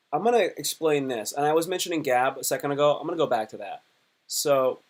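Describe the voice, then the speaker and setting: A young adult man, a comedian, talks quickly and animatedly on a livestream, rambling and frequently restarting his sentences. His voice is on the high side.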